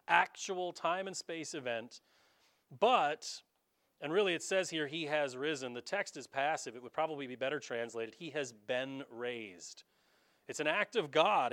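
A man preaching a sermon as a pastor, conversational and animated, with sudden loud bursts of emphasis. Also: on the high side.

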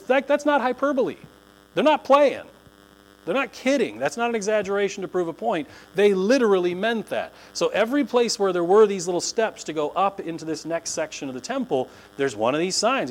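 A man preaching a sermon in a conversational, animated way, acting out the voices of the people he describes. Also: moderate pace, poor audio. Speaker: pastor. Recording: low mains hum.

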